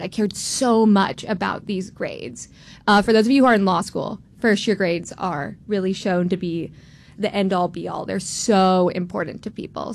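A woman in her twenties from Florida, telling a personal story on stage in a candid, self-deprecating, animated way. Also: mid-range voice, creaky. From Tampa, Florida. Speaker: storyteller, law student.

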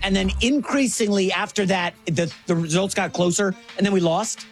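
A man's voice: sits high, moderate pace, soft background music. A man co-hosting a sports talk show, chatting through the news and leading the talk along. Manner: chatty, conversational.

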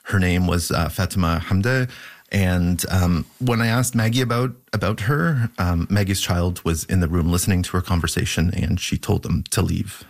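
A male reporter debriefing a news anchor on air, measured, with frequent ums. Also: low voice, vocal fry.

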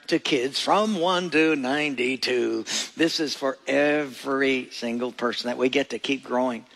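A man's voice: mid-range voice, moderate pace, creaky, hardly any pauses, fairly bright tone. A male pastor giving a sermon with folksy jokes and emphatic, storytelling delivery.

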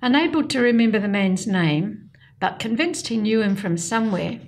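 A woman, hosting a radio program and reading magazine items aloud in a clear, measured way with light humor. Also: medium pitch. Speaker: radio program host and reader.

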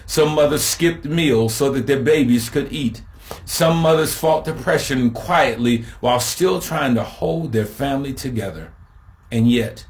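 Male preacher, mid-pitched voice, sermon cadence built on repeated phrases and questions to the congregation. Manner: rhythmic repetition, swinging between soft and raised; addresses listeners directly with questions.

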